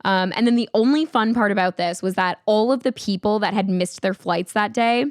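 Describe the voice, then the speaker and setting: A young woman hosting a podcast, telling a travel mishap in a casual, animated way with many filler words. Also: medium pitch, a little fast, no echo, clean studio sound. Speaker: podcast host. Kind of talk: casual storytelling.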